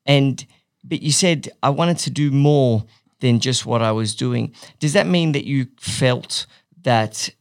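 Gravelly man asking halting questions. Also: mid-range voice, no room sound, clean studio sound. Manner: halting, searching questions with many fillers. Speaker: interviewer, host. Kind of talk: interview questioning.

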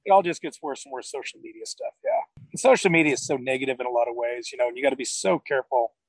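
A man's voice: medium pitch, sing-song, fast talker, dry recording, poor audio. A middle-aged man chatting casually as an interview guest, rambling and restarting his sentences as he tells stories. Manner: rambling, self-correcting storyteller. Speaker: podcast guest.

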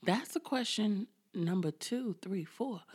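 A woman's voice: mid-range voice, slow, breathy edge. A woman co-hosting a casual TV recap, laughing often and acting out scenes. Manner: laughing, animated, acts out scenes. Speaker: podcast co-host.

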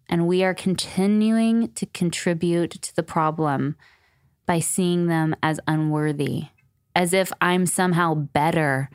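Twenties woman hosting a podcast; low, smooth voice, candid, swears a lot, dry close-miked sound. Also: no room sound. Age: 20s. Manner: candid, emphatic, swears freely. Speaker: podcast host. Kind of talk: casual podcast conversation. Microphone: close podcast mic.

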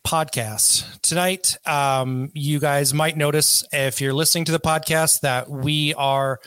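A man's voice: on the high side, fairly even intonation, a little slow, fairly bright tone, smooth, no echo. A man hosting a casual podcast, joking and loose, with plenty of fillers. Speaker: podcast host.

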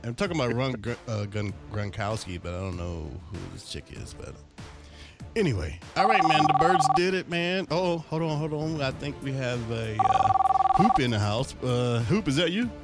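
A man's voice: mid-range voice, expressive, moderate pace, over loud music. A man hosting a casual sports chat show, laid-back and joking. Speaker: podcast host.

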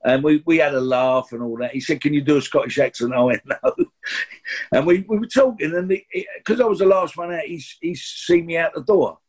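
A husky, fairly high-pitched male voice, expressive and a little fast with a slightly mellow tone. He's a London-accented guest actor in his sixties, telling rambling, chatty anecdotes in an interview, full of restarts and asides.

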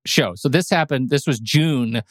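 A man's voice: medium pitch, no room sound. Playful teasing man, dry close mic. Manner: playful, teasing, quick-talking. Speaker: podcast co-host. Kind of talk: casual chat.

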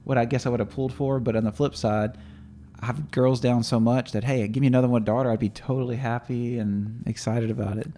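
An earnest man in his thirties, thinking out loud as a podcast co-host. His mid-pitched voice moves along casually, full of filler words. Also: steady tone, brisk. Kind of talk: casual chat.

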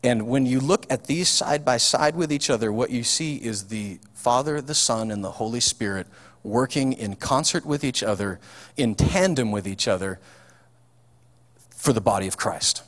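A pastor preaches a sermon in a church hall, chatty and folksy, with frequent fillers and restarts. His voice is medium-pitched at a normal speed, and the recording carries long hall reverb.

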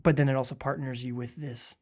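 A man who is a pastor and is grieving, talking earnestly in a conversational podcast, sometimes dropping to a hushed voice to quote others. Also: mid-range voice, little pitch movement, fairly quick.

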